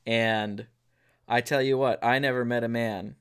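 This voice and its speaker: A man's voice: medium pitch, fairly even intonation, a little slow, a bit bright, clear, resonant tone. A man co-hosting an outdoors podcast, chatting casually, jokey and rambling off on tangents. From northern US. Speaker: podcast co-host. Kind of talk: casual chat.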